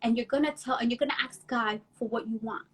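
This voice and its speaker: A middle-aged woman from New Jersey, a guest telling animated stories in a casual interview and mixing in Spanish phrases. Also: a little high, quick pace, breathy edge. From Union City, New Jersey.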